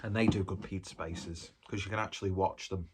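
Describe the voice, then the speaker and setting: A man's voice: low voice, fairly even intonation, a little fast, noisy background. A man, chatting casually while reviewing and eating a pizza, rambling from one aside to the next. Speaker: food reviewer. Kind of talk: casual food review vlog.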